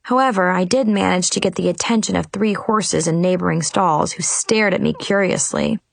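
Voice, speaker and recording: A woman narrating a playful first-person story in an animated, dramatic way. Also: on the low side, normal speed, creaky, no echo.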